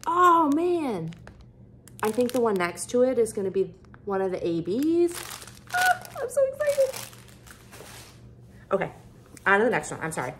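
A woman vlogging as she unboxes craft kits, gushing with bubbly excitement and lots of fillers. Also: mid-range voice, normal speed, a little hiss or hum. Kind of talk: casual unboxing chat.

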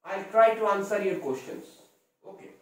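A male English teacher with an Indian English accent, giving an exam-prep lesson and explaining slowly, spelling words out letter by letter. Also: high-pitched, slight background noise. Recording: very echoey room, voice far from mic.

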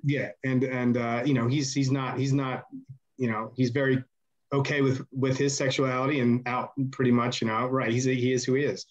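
A man telling backstage stories as a podcast guest, rambling and animated, loudly acting out the voices of the people he quotes. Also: medium pitch, normal speed, highs cut off. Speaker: podcast guest, former wrestler. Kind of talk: casual storytelling interview.

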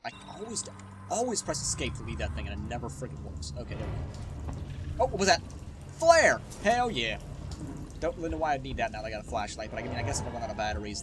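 A young man doing let's play commentary, sarcastic and excitable, swearing freely. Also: on the low side, noisy background. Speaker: gaming YouTuber. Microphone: webcam setup. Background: game music and sounds.

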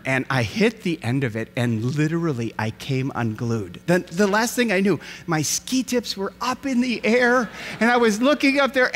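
Middle-aged male pastor, high lively voice, sermon storytelling in a church with long reverb. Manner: animated storyteller acting out voices. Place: church sanctuary.

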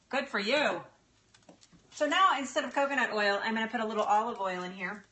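Cooking live from her home kitchen, a woman chats with her viewers in a bubbly way, talks to the food, and warmly thanks people. Her voice is on the high side and animated, at a moderate pace with frequent pauses, while faint sizzling and stirring play behind her.

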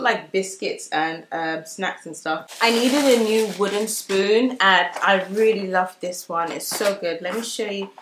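A young woman talks through her shopping haul in a casual, bubbly way, full of fillers. Her voice sits at an ordinary middle pitch. The room around her adds a noticeable echo. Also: a bit bright. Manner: chatty and bubbly, many fillers. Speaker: vlogger. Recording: echoey room.

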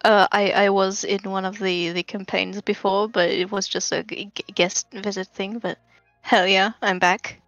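A woman's voice: mid-range voice, flat delivery, moderate pace, a bit bright, no room sound, faint music behind. Woman artist, giggly and stammery, muffled dry lo-fi mic. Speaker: artist and player. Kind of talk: casual chat.

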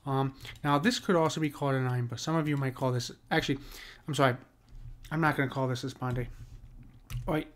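A man teaching a casual lesson on poetic meter, talking conversationally, often checking in with his listeners and slowing down to read verse aloud. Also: mid-range voice, steady tone.

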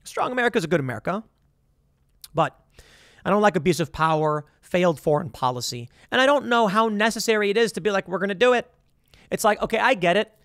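A man hosting a political commentary show, talking in an animated, sarcastic way as he reads out news stories and reacts to them. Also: high-pitched, quick pace, dry recording, studio quality.

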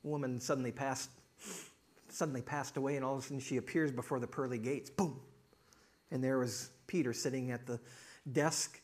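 A man's voice: mid-range voice, steady tone, brisk. A middle-aged male pastor preaching a sermon, telling a joke story and reading scripture with rising emphasis.

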